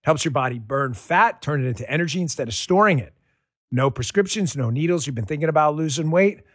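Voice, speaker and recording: A radio host delivers a personal testimonial ad in a fairly high voice. He sounds folksy and enthusiastic, talking casually to the listener, and the recording is dry and close. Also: lively intonation, brisk, a bit bright, husky, dry recording.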